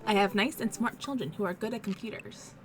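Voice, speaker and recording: A woman's voice: medium pitch, fairly quick, lightly acted. A woman doing a stiff robotic-texting dad. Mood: stilted. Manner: stilted, flat, oddly formal.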